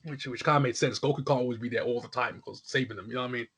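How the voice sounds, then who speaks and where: A man's voice: mid-range voice, fairly even intonation, rapid-fire, fairly bright tone, slightly rough. A young man chatting casually, rambling with lots of filler words as he talks. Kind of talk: casual chat.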